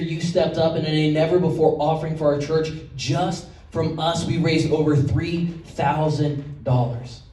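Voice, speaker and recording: A pastor with a mellow, fairly high-pitched voice preaches a sermon, telling stories conversationally and sometimes getting choked up. He is in a church sanctuary, and the echoey recording picks him up from far across the hall.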